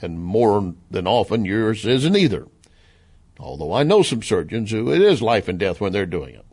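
A talk radio commentator from the American South delivers a monologue in a Southern accent, sarcastically and animatedly retelling and mimicking what others said. His voice is lowish and husky, at a normal pace.

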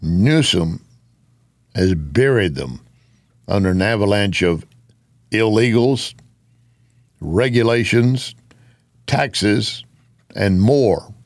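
A man's voice: fairly low pitch, expressive, slow pace, long pauses, no room sound, studio quality. A man giving an opinionated political commentary monologue, with sarcastic asides.

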